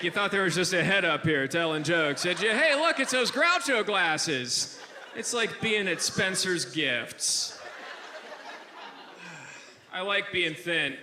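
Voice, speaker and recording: A man hosts a stand-up set with a high voice and a dry, self-mocking delivery. He works a comedy club stage through a handheld mic. The live recording carries a loud audience and steady background noise. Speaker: stand-up host. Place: comedy club stage before a laughing crowd.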